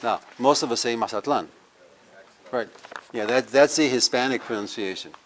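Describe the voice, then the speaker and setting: This male professor has a medium-pitched voice and talks a little fast. Lecturing on language before a live audience at a cultural center, he explains things step by step and gets the crowd to echo words back.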